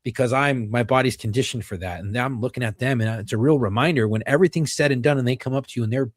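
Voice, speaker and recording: Retired cop guy telling stories on a podcast, stumbles and repeats a lot, swears, middle pitch, dry mic. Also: dry recording. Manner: halting, repeats words, swears casually. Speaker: guest, retired police officer. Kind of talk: candid podcast conversation.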